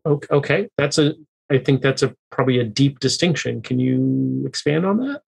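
A man's voice: mid-range voice, expressive, normal speed, gravelly, slightly rough, rough recording. A man hosting a podcast interview, asking thoughtful questions and rephrasing them at length. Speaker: podcast host.

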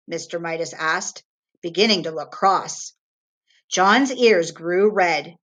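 A woman teacher reading a children's novel aloud to her class, expressive and clear. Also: fairly low pitch, takes it slowly. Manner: expressive, animated read-aloud.

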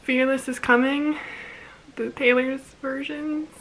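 At home, a young woman vlogger reacts with excitement, gushing in casual chat and repeating herself with plenty of fillers. Her voice is high-pitched and her pace slow, and the recording is rough.

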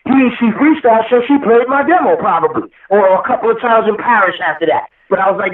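A man's voice: sits high, animated, quick pace, few pauses. A man telling a long, emotional story in an interview, rambling and swearing often. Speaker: guest rapper. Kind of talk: storytelling interview over the phone. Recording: echoey, far-off phone line.

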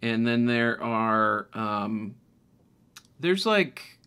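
A man narrates a tabletop game as its game master. He speaks slowly and hesitantly, piling in fillers and restarts as he works out each scene. His voice is bright and forward. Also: medium pitch, animated, smooth.

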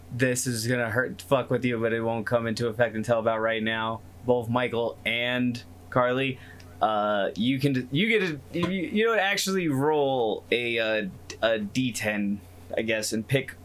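A man's voice: mid-range voice, measured pace, fairly bright tone. A man running a tabletop game as game master, talking in a loose, joking way and laughing often. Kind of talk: casual tabletop game narration.

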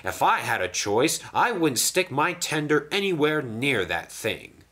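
A man's voice: on the high side, very animated, a little slow, pushed and bright, pitched above the performer's own voice, heavily acted. A man voicing a grumpy, pompous big express engine who splutters indignantly in a storybook reading.

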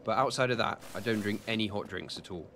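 Here a young man from the UK talks fast in a lowish voice over heavy background noise. He's live-streaming a game, rambling loosely, dropping ums, poking fun at himself, and replying to chat.

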